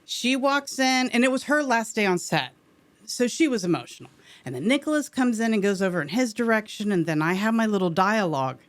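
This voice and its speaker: A woman's voice: medium pitch, expressive, a little fast, no echo. Emotional woman actor telling a story. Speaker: actor guest. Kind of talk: casual interview storytelling.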